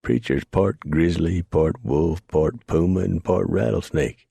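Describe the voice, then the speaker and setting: Man voicing an old backwoods guy rambling on, raspy deep drawl. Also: unhurried, mellow, dry recording, full character voice. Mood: earnest. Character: admiring old frontiersman storyteller.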